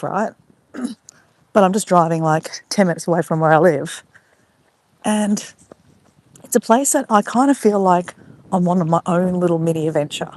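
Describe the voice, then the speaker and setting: An Australian woman chats freely on a live stream, her phone held out as she strolls along an outdoor beach at dusk. She talks with easy, rambling warmth, greeting viewers by name between stories. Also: on the low side, dry recording. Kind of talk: casual live-stream chat while walking. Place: outdoors on a beach walk at sunset. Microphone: phone held while walking.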